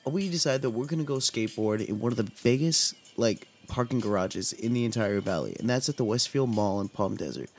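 Fairly low in pitch, a young podcast host from the Southern California desert valley tells a story in an easygoing manner, cursing and leaning heavily on fillers.

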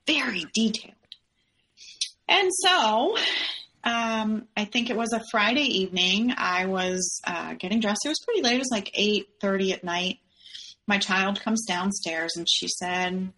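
Candid woman guest, bright and sharp-toned, retelling events and voicing the quoted lines. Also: medium pitch, lively intonation, moderate pace. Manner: candid, acts out quoted dialogue in her retelling. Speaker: podcast guest. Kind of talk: personal storytelling in an interview.

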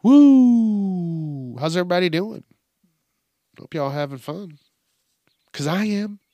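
Profane, animated man ranting on a podcast. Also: normal speed, no room sound, dull audio. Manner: profane, animated, mimics people in high yelps. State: groggy early-morning voice. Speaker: podcast host. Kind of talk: casual solo rant.

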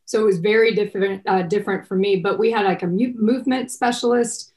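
A woman's voice: medium pitch, fairly even intonation, quick pace, darkish tone. Middle-aged woman from texas chatting in an interview, lots of ums and restarts. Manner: chatty, rambling with many restarts and fillers. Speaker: actress guest. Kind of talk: casual interview chat.

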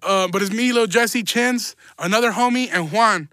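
A young man with a high, bright voice hosts a podcast and tells a story in loose, slangy, profane talk, laughing as he goes. The sound is dry and close, with no room around it. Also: normal speed, dry recording. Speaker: podcast host. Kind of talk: casual storytelling.

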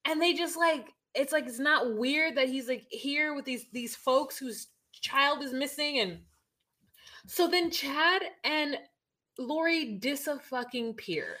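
A woman's voice: high voice, slow, pushed and bright. A woman recapping in a rambling, frank podcast chat, dropping casual swears. She circles back through her sentences with plenty of fillers. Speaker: podcast co-host.

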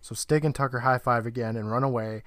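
A man's voice: medium pitch, steady tone, quick pace, a bit bright, no room sound. A man co-hosting a podcast, recapping an episode in casual chat and laughing often. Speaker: podcast co-host.

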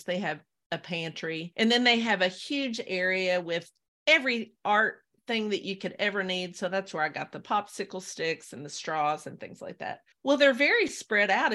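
A woman with a bright, crisp voice, telling her story as a podcast guest. She talks in an animated way, with laughter slipping in. Her pitch sits in a middle range. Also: moderate pace. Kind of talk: casual interview storytelling.

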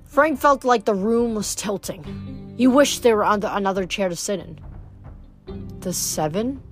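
A woman reading a novel aloud in a steady, even way. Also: medium pitch, normal speed, faint music behind. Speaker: audiobook reader.

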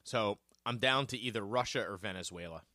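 A man co-hosting a trivia podcast in casual chat, joking and thinking out loud as he works through answers. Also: on the low side, brisk, no room sound, studio quality. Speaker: podcast co-host.

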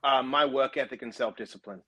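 A man's voice: medium pitch, fairly quick, a bit bright, breathy edge, no room sound. A man talking as a guest in a casual interview, emphatic and intense, repeating himself for stress.

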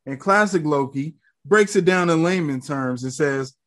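A man's voice: fairly high pitch, moderate pace, fairly bright tone. A man retelling a show scene by scene in a laid-back chat, swearing now and then. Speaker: podcast co-host recapping an episode. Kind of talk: casual recap chat.

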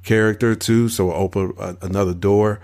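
A man's voice: on the low side, fairly even intonation, normal speed, a little mellow. A man co-hosting a casual wrestling podcast, talking in a laid-back way with lots of fillers and easy agreement. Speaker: podcast co-host.

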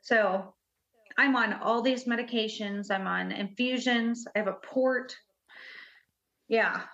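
A woman guest telling her own story in an interview, earnest and halting, with many fillers. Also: on the high side, steady tone, fairly bright tone. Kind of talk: personal interview talk. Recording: muffled lo-fi audio.

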